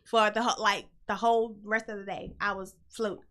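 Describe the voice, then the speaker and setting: A middle-aged woman hosting a show, telling a story in a lively, blunt and profane way. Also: mid-range voice, normal speed. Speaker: host. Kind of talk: casual storytelling chat.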